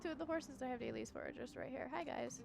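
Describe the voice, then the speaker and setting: A woman's voice: high voice, quick pace, vocal fry, heavy background noise. A woman streamer chatting giddily while playing a game, with game music behind. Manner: giddy, chatty. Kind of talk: casual gameplay chat.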